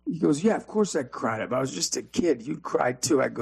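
Gravelly man telling an energetic story. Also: medium pitch, quick pace, few pauses, no echo. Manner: energetic, preachy storytelling with quoted dialogue. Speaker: youth speaker and guest. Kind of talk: storytelling in a faith talk interview.

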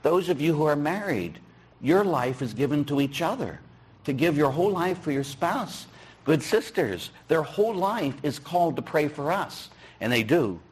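A middle-aged man, a Catholic priest, giving a folksy, teasing sermon with a husky voice. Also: a little high, animated, normal speed. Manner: folksy, teasing, acts out dialogue with shouts. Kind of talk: sermon with storytelling.

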